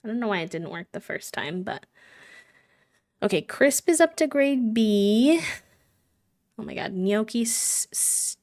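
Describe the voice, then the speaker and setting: A woman's voice: medium pitch, expressive, a little slow, pauses often, a little mellow. A woman live-streaming a game, chatting casually, giggling and cooing fondly at the characters. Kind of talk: casual chat while playing a life-sim game.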